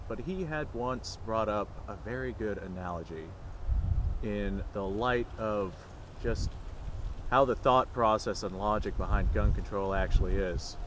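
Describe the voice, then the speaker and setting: A fairly low-voiced man speaks in a sarcastic, mock-serious way, vlogging outdoors. Faint outdoor noise sits under his voice. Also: a bit bright. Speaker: gun vlogger. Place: outdoors at a shooting range.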